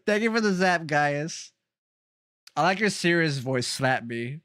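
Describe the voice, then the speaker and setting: A man's voice: fairly high pitch, lively intonation, unhurried, a bit bright, smooth, no room sound, studio quality. A man chatting casually on a live game stream, teasing viewers, laughing often and swearing freely.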